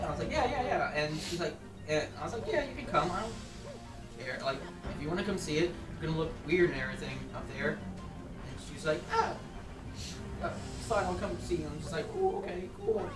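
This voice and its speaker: A young man telling a story in a rambling, casual way while playing a game, with lots of fillers and sudden loud outbursts. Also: sits high, far from the mic. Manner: rambling, filler-heavy, bursts into loud exclamations. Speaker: let's play host. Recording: echoey room, voice off-mic. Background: game music.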